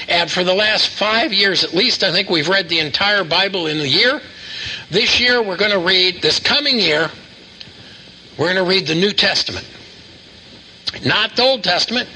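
An older man gives a sermon with a bright, ringing tone and a fairly high voice. He talks in a folksy, anecdotal way, circling back and repeating himself, and a faint hum of room ambience sits under his voice. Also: expressive, normal speed, rough recording. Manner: folksy storytelling with asides and repeated phrases. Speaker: pastor.

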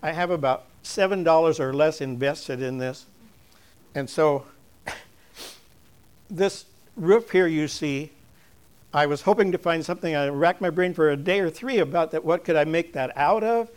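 An older man with a fairly high, smooth voice gives a chatty, storytelling object lesson to a church congregation. He chuckles often and goes soft and slow when he gets earnest.

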